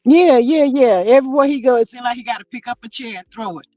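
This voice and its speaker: A woman's voice: a little high, fast talker, dark tone, dry recording, soft background music, poor audio. A woman chatting casually, laid-back and agreeing with lots of hums. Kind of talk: casual gossip chat.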